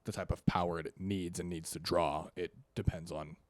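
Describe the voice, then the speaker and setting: A man with a fairly low voice co-hosting a casual podcast. He is easygoing and jokey, and drops in short agreeing replies. The sound is close and dry, with no room around it. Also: steady tone, normal speed, no room sound. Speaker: podcast co-host. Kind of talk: casual chat. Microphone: podcast microphone.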